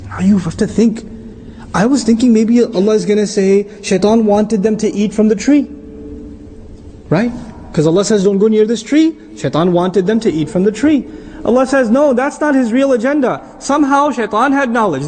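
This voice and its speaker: A man giving a lively religious talk on Qur'an verses, asking the audience questions and reciting Arabic phrases. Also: sits high. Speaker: Islamic lecturer.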